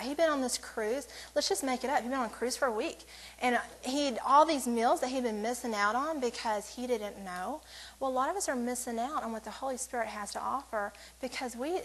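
A woman's voice: on the high side, rough recording. A woman giving a casual church devotional to women, rambling and interrupting herself with joking asides. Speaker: women's ministry speaker.

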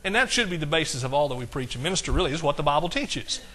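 A middle-aged pastor with a matching East Texas accent gives a folksy sermon, bursting into exclamations as he quotes old-style scripture. His voice is bright, forceful, and a bit high for his age, and he speaks very fast and expressively.

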